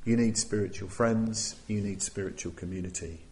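A man giving a Buddhist dharma talk, thoughtful and hesitant, with many restarts and pauses. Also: fairly low pitch, steady tone, a little mellow, rough recording. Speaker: Buddhist teacher.

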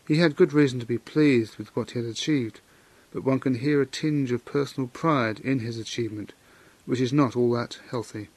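A man giving a Buddhist Dharma talk, telling a legend in a measured storytelling way and adding moral comments. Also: mid-range voice, a little mellow, breathy edge. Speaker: Buddhist teacher.

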